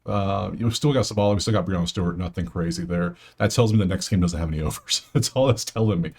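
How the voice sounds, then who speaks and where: Guy with a lowish voice going over betting picks, casual and chatty, talks to himself a lot. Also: quick pace, a little mellow, husky. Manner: chatty, self-correcting, mutters asides to himself. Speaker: sports betting host. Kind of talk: casual solo commentary over a spreadsheet.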